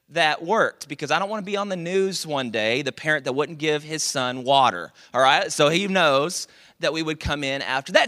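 A man's voice: high-pitched, animated, moderate pace, pushed and bright. A man preaching a sermon as pastor, conversational and joking, asking the congregation rhetorical questions.

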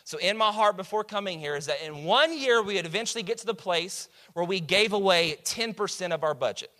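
A pastor preaching a sermon, calling out to the congregation and building to shouts. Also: male voice, high-pitched, animated, fairly quick.

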